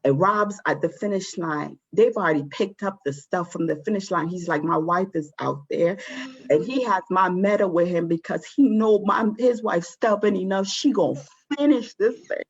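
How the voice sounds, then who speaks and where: A woman's voice: medium pitch, moderate pace, few pauses, slightly rough. Earnest woman telling a personal story. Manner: emotional, earnest, candid. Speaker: guest. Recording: muffled lo-fi audio.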